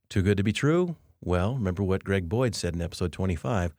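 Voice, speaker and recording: A man's voice: sits low, animated, brisk, hardly any pauses, a little mellow, dry recording, studio quality. A middle-aged man hosting a devotional podcast, teaching through a scripture passage in an earnest, reflective way with light self-deprecating asides. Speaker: podcast host.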